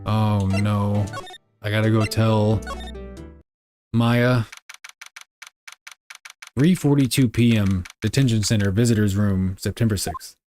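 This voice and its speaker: A man's voice: fairly low pitch, steady tone, slow, pauses often, a little mellow, faint music behind. A young man streaming a game live, reading the dialogue aloud and cracking crude jokes. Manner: joking, crude asides.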